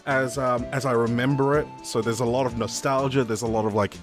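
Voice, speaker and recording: Over music, a man with an Australian accent chats casually while live-streaming a video game, making jokes at his own expense and trying out different voices. His voice is mid-range, steady and brisk.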